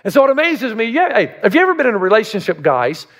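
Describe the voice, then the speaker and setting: A man's voice: high voice, sing-song, quick pace, fairly bright tone. A man preaching a sermon as a pastor, emphatic and full of rhetorical questions. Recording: long reverb of a large hall.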